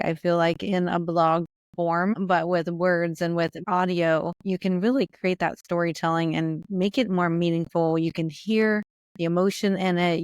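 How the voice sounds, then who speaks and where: Relaxed woman explaining as a guest. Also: fairly low pitch, no room sound, clean studio sound. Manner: relaxed, explanatory, repeats "I feel like". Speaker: podcast guest, business founder. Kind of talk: conversational interview answers. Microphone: remote call.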